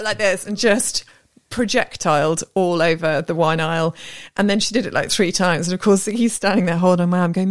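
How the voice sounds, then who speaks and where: A woman in her thirties co-hosting a podcast, telling stories in a lively, animated way and acting out voices. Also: medium pitch, fairly quick, no echo, studio quality. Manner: animated storyteller, acts out voices. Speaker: podcast co-host. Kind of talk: casual chat.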